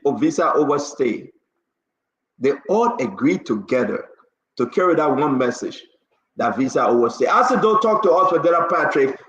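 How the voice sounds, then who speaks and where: A man's voice: on the high side, a bit bright. A man hosting a heated political talk show, firing rhetorical questions and steering the guests. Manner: emphatic, rhetorical, moderating callers. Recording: very echoey, dull lo-fi audio.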